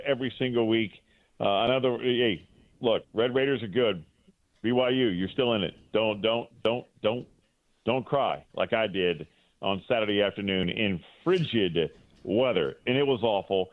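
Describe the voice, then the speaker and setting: A middle-aged man calls in as a guest broadcaster and tells a long, heartfelt story. He rambles, restarts and fills gaps with "uh" at a mid pitch. His voice comes through a thin, tinny phone line with a dry sound and no room around it. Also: no room sound. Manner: rambling, full of fillers and restarts.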